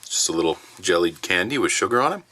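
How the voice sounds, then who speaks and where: A man casually reviewing military rations in his basement, chatty and relaxed with plenty of fillers. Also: low-pitched, quick pace. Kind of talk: casual food review vlog. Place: home basement.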